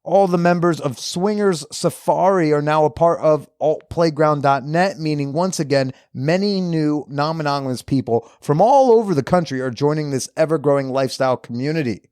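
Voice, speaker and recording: A man's voice: on the high side, moderate pace, hardly any pauses, darkish tone, smooth, no echo, clean studio sound. Jokey man hosting a podcast. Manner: jokey, off-the-cuff, crude humor. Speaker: podcast host. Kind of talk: casual ad reads and shout-outs.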